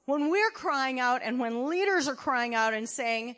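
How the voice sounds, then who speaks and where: A woman's voice: sits high, lively intonation, unhurried, few pauses. Emphatic woman preaching a sermon. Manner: emphatic, swinging between loud and quiet, asks the congregation many questions. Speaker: church elder preaching. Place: church sanctuary.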